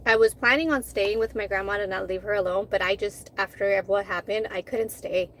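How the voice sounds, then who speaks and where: A woman's voice: mid-range voice, fairly even intonation, brisk, slight background noise. A woman in her thirties, a food vlogger, chatting casually while eating and telling a heated story candidly, with swearing, restarts and fillers.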